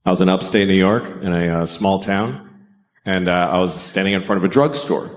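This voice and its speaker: A fairly quick stand-up routine from a man who swears freely, trading flat deadpan remarks for sudden high-pitched eruptions.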